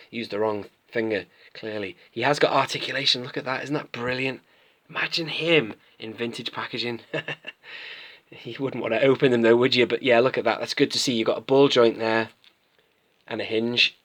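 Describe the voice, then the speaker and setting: A man's voice: medium pitch, steady tone, brisk, fairly bright tone. A British man in his late thirties, chatting enthusiastically and rambling as he unboxes and reviews toys in a casual vlog. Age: late 30s. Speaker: toy collector vlogger.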